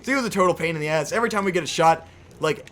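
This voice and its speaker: High-voiced young man ranting. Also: rapid-fire. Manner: heavy swearing, animated and exasperated. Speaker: podcast co-host. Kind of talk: casual storytelling rant.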